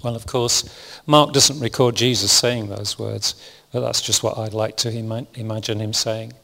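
A man's voice: fairly low pitch, steady tone, normal speed, gravelly, bright, forceful tone. Reflective male preacher in echoing hall. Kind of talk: sermon.

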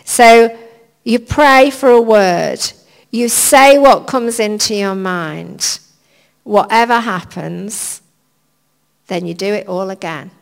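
A woman preacher giving an informal sermon in a church hall, chatty, anecdotal and gently humorous. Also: medium pitch. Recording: long reverb of a church hall.

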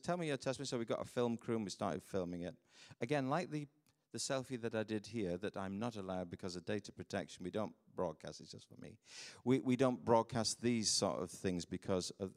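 A middle-aged man from the UK, a pastor preaching a sermon and telling mission stories with animated delivery, laughing at his own tales. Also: mid-range voice, in a large hall. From United Kingdom.

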